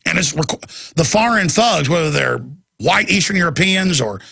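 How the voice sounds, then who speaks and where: Gravelly, forceful talk radio host. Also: male voice, on the high side, animated, normal speed. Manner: heated, ranting, mocking asides. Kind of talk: ranting monologue.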